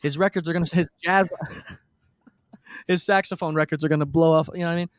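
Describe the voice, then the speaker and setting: A man's voice: a little high, steady tone, dry recording, studio quality. A man co-hosting a podcast, riffing on jokey tangents in casual chat. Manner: quick, jokey, riffs on tangents. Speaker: podcast co-host.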